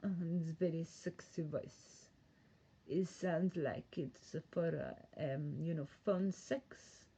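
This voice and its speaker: A woman voicing a sultry Eastern European woman who speaks halting, broken English in a soft, teasing tone. The sound is muffled, lo-fi livestream audio. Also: low voice, steady tone, slightly rough, exaggerated voice.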